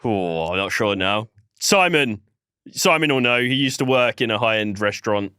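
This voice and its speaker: Man, low voice, smooth, blunt and laid-back, dry close sound. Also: lively intonation, normal speed, bright, forceful tone, dry recording. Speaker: podcast co-host. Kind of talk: casual political podcast chat.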